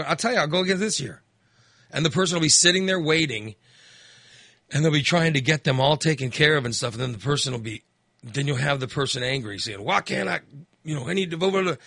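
A man's voice: fairly high pitch, fast talker, sharp tone, dry recording, clean studio sound. A man hosting a call-in radio chat, rambling and acting out angry voters. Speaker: radio host.

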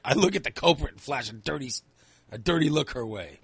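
A man's voice: medium pitch, animated, fairly quick, a bit bright, husky, no echo. A man telling crude comedic stories in casual chat, acting out quoted lines in a raised voice.

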